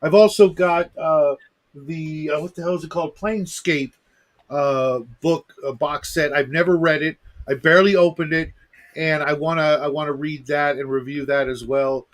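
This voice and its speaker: A man with a slightly raised pitch chatting casually on a podcast. He speaks haltingly, restarting his sentences, and answers with dry remarks. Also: steady tone. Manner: halting, many fillers and restarts, dry replies. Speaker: podcast co-host, game master. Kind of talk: casual chat.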